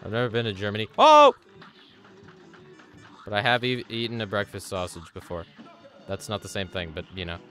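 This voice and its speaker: A man streaming a game live, rambling excitedly to chat, swearing often and making fun of himself. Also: lowish voice, fast, faint music behind. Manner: sudden yelps at the game. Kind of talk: casual live-stream chatter.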